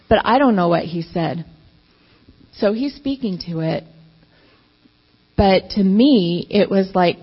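A woman's voice: mid-range voice, slightly rough. Candid woman giving a testimony in a reverberant hall. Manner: candid, emotional, reenacts her own past outbursts. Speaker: pastor's wife. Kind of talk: personal testimony talk. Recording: reverberant hall, dull lo-fi sound.

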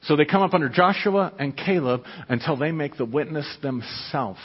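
A pastor preaching a sermon, emphatic and conversational, often asking the listeners questions. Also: male voice, a little high, animated, normal speed, breathy edge. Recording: echoey hall, dull lo-fi sound.

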